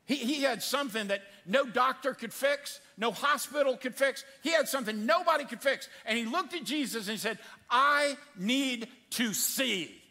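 A man preaching a sermon in a church, acting out the voices in his story with dramatic swings of pitch. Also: a little fast, hardly any pauses, in a large hall. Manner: animated, acts out quotes with big pitch swings. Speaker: pastor. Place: church sanctuary.

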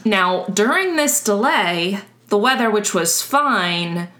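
A woman's voice: medium pitch, animated, takes it slowly, bright, forceful tone. A woman co-hosting a podcast, telling a story in a casual, chatty way and laughing often. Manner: chatty, laughs often, restarts while explaining. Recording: roomy echo.

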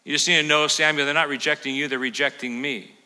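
A male pastor preaching a sermon in a church, animated and acting out the voices of scripture. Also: fairly high pitch, fast, long reverb tail, poor audio. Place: church sanctuary.

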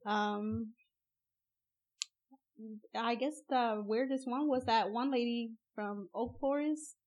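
A woman dental assistant, a guest in a casual podcast chat, matter-of-fact and soft-spoken. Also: a little high, takes it slowly, dull audio.

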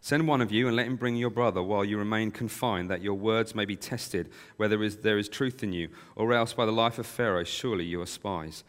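A man reads out a commanding ruler, stern and accusing, in a low voice. The words ring with a long reverb, as if spoken in a hall. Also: a little fast, few pauses, lightly acted. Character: stern powerful man testing his brothers.

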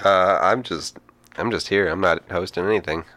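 A man chatting on a podcast as a regular guest, dropping wry deadpan jokes. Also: low-pitched, moderate pace. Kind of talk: casual chat.

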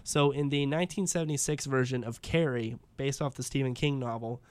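A man's voice: mid-range voice, fairly even intonation, brisk, smooth. A man hosting a casual chat, rambling with lots of fillers and laughing often. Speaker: podcast host.

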